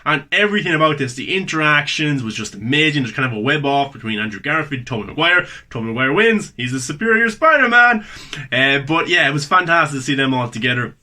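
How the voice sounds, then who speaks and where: A man's voice: mid-range voice, expressive, fast, few pauses, pushed and bright. A man hosting a casual spoken movie review, enthusiastic and repeating words for emphasis.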